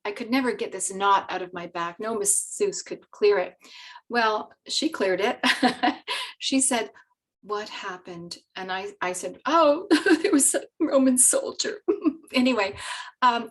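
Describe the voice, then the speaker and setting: A woman with a fairly high voice recounts a personal story, full of laughs, fillers and restarts. She sounds a little distant from the microphone. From Britain. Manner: animated, laughing, rambling with many fillers. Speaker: guest telling her spiritual story.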